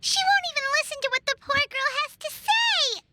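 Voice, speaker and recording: A woman's voice: very high-pitched, animated, fairly quick, heavy background noise. A woman voicing a cheerful, kind young woman in a game, easygoing and friendly.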